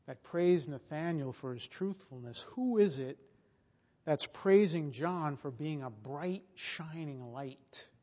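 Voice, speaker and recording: A man preaching a sermon slowly and emphatically, his voice rising and swelling in volume for emphasis. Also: fairly high pitch, a little mellow. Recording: long reverb of a large hall.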